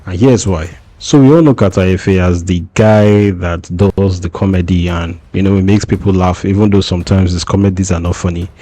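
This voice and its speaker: A man's voice: low voice, steady tone, normal speed, hardly any pauses, mellow, no room sound. A man giving casual commentary and reading out posts in a conversational way. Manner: conversational, reads out tweets. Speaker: commentary host.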